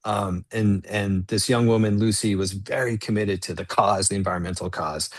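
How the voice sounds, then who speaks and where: A low, husky man tells his story in a lively, conversational way. He acts out the dialogue as he goes, and his voice sits dry and close to the mic. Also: normal speed, dry recording. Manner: animated, acts out quoted dialogue. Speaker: guest entrepreneur.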